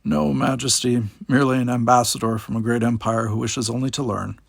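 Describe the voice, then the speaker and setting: A logical, unruffled alien officer speaking in measured, formal sentences, as a man reads him. The voice is gravelly and close. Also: mid-range voice, dry recording. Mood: calm. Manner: calm, formal.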